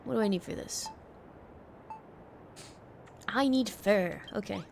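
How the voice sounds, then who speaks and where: A woman's voice: mid-range voice, slow pace, vocal fry, a little mellow, slight background noise. A woman streaming a video game, commenting casually, giggling and swearing as she muses aloud.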